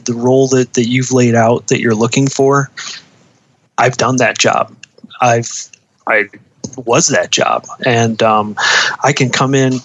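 A man's voice: medium pitch, fairly bright tone. A man talking with many fillers. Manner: hesitant, many fillers and restarts. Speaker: uniform designer guest. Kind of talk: casual interview talk.

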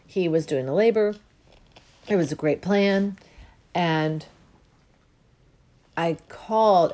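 A woman's voice: fairly low pitch, mellow. Earnest woman hosting a spiritual talk. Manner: earnest, reflective, with drawn-out pauses. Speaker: host and life coach. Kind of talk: spiritual self-help monologue.

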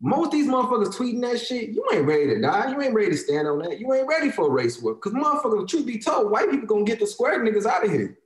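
A man's voice: high-pitched, very animated, quick pace, hardly any pauses, reverberant, low-quality recording. Fired-up man with an African American Vernacular English accent. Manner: heated, profane, emphatic, repeats phrases for emphasis. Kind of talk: casual opinionated rant.

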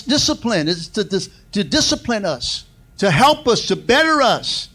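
Male pastor, sermon delivery, higher-pitched, call-and-response, big swings in volume and pace. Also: very animated. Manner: preaching with call-and-response, repeated "amen" and "come on"; swings from loud and fast to soft and slow.

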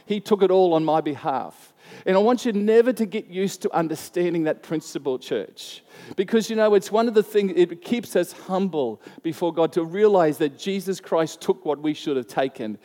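A male pastor preaches to his church and tells a childhood story in a loose, chatty way, slipping into the voices of the people in it. His voice sits a little high, with a mellow, dark tone. The hall around him rings with a long reverb. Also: moderate pace. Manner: conversational storytelling, acting out quoted voices. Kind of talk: sermon with a personal story.

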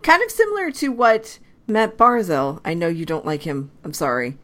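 Chatty woman co-host, lowish voice. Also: wildly swooping pitch. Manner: chatty, quick asides, laughs often. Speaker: podcast co-host. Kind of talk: casual hockey chat.

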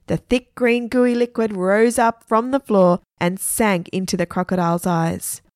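A woman storyteller reading a children's adventure story aloud with lively expression. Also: mid-range voice, a little slow, no echo, clean studio sound.

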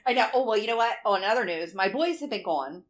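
A woman's voice: medium pitch, animated, fast talker. Casual podcast co-host, middle-aged woman, candid, swears freely. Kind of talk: casual chat.

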